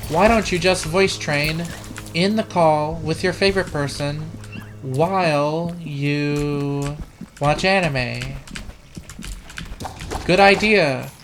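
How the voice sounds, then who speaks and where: A woman hosting a let's play with live gameplay commentary, rambling, profane and self-mocking, practicing a trained feminine voice on a desk computer mic. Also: deep voice. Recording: keyboard clicks and room noise.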